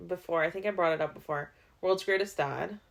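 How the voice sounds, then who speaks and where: A woman's voice: lowish voice, brisk, creaky. A young woman co-hosting a podcast, chatting casually with frequent fillers and hesitations. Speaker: podcast co-host. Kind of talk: casual chat.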